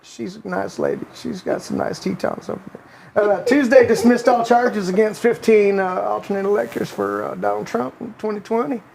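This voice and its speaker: A man's voice: high voice, huge pitch swings, normal speed, creaky, a little mellow, heavily acted, rough recording. A man putting on the voice of an older Southern ex-president with a folksy drawl, reading a news article aloud as a comic impression in a home studio.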